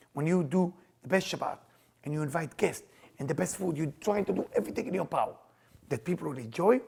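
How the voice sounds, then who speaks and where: A man teaching Kabbalah in an animated lecture, emphatic and excitable in English. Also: a little high, gravelly, breathy edge. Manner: excitable, emphatic, non-native English with Hebrew phrases.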